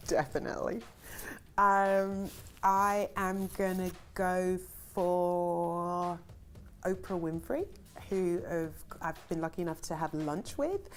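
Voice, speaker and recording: Chatty woman answering rapid-fire questions. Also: on the low side, slight background noise. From Ghana. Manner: chatty and rambling, many ums, laughs easily. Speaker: film writer and director answering questions. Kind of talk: casual interview answers, reading questions aloud.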